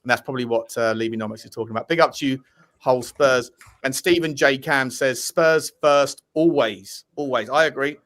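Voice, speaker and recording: Hosting a casual fan podcast, a man with a mid-range voice cheerfully reads out super chats and thanks the donors at a moderate pace. He's upbeat and chatty, restarting sentences as he gives shout-outs.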